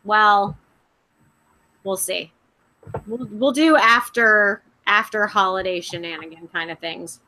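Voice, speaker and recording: A woman's voice: mid-range voice, slow pace, long pauses, slight background noise. A young woman co-hosting a podcast, telling stories in casual chat with lots of laughs. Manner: animated, laughing storyteller. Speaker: podcast co-host.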